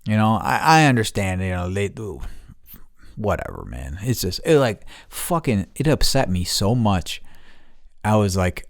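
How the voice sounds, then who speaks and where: A man's voice: lowish voice, very animated, unhurried, no echo, clean studio sound. A man delivering an angry, profane monologue, repeating himself and restarting sentences as he vents. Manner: angry, heavy swearing, repeats words, restarts. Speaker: podcast host.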